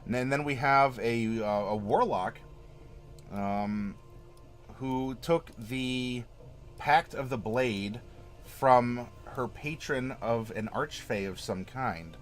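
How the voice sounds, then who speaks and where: A man's voice: medium pitch, slow. Chatty man hosting a livestream. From Florida. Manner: chatty, laughs often, rambling asides. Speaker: livestream host. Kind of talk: casual livestream chat reading viewer comments.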